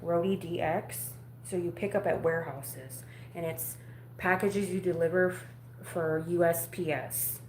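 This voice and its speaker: A woman's voice: lowish voice, steady tone, unhurried, roomy sound, a little hiss or hum. A woman chatting casually on a live stream from home at night, blunt and rambling, swearing freely. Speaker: vlogger talking to a live audience.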